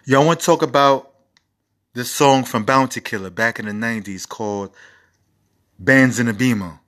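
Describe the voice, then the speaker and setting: A man's voice: medium pitch, moderate pace, a bit bright. A man in his forties hosting a casual music review show, rambling and profane with enthusiastic asides. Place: home recording setup.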